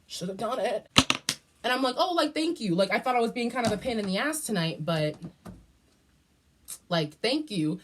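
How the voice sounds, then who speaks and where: A woman vlogger telling a story in a casual, profane and dramatic way, jumping up and down in pitch. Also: moderate pace, long pauses, a little hiss or hum. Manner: animated, profane and dramatic, with big jumps in pitch.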